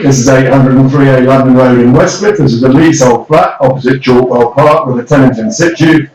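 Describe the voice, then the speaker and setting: A man working as a property auctioneer, calling out bids briskly and coaxing bidders with light humour. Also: medium pitch, darkish tone, roomy sound, far from the mic, low-quality recording. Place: auction room.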